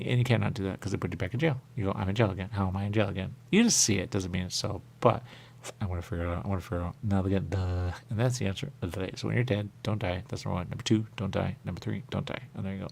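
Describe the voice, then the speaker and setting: A man hosting a radio show, rambling through a spiritual monologue with a repeated refrain and sudden high voices when he quotes others. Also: fast talker, creaky, a little hiss or hum. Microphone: radio studio mic.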